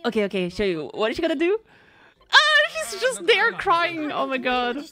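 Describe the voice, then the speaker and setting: A woman streamer giving excited, casual reaction commentary, gushing and squealing with delight, with fillers and the odd swear. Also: high voice, normal speed. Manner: gushing, squeals and laughs often. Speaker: streamer reacting to a game livestream.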